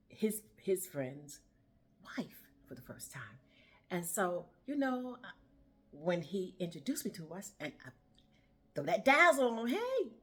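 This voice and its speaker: A woman's voice: a little high, slightly rough. A woman giving a casual motivational talk and telling a story, laughing often and acting out the voices of the people in it. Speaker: motivational vlogger.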